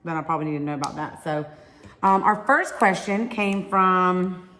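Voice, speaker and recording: A woman's voice: on the low side, normal speed, bright, forceful tone, soft background music. A woman in her forties from Alabama with a Southern accent, chatting casually while answering viewer questions and stretching one-syllable words into two. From Alabama, USA. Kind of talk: casual chat.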